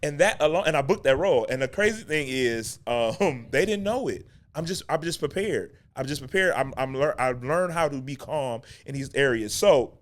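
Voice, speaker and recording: A man's voice: medium pitch, lively intonation, moderate pace, few pauses. A man hosting a show as an acting coach, teaching in a casual spoken monologue that often repeats key phrases and restarts sentences. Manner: laughs between points.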